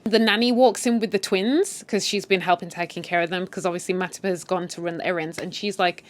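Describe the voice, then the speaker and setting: A woman retelling a drama series in an animated, chatty way, adding her own commentary. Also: fast talker, hardly any pauses. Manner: animated, chatty, swings in pitch for emphasis. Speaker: storyteller. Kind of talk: casual story retell with commentary.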